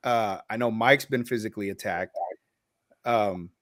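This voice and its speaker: A man's voice: fairly low pitch, measured pace, fairly bright tone, no echo, studio quality. A man hosting a casual podcast, talking loosely, swearing and laughing often. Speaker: podcast host.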